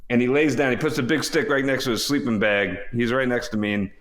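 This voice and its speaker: A man's voice: medium pitch, steady tone, quick pace, fairly bright tone. Chuckling man telling a rambling anecdote. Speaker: podcast co-host. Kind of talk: casual storytelling chat.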